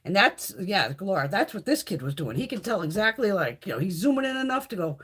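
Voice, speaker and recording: A woman's voice: medium pitch, sing-song, brisk, fairly bright tone, husky. A middle-aged woman hosting a casual live stream, chatting freely with viewers, swearing a lot and reading out their comments. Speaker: beauty channel host.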